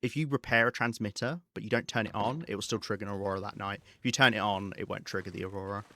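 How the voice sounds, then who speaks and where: A man giving live gameplay commentary, rambling and thinking aloud with hesitant pauses. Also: on the low side, bright, forceful tone, no echo. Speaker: game streamer.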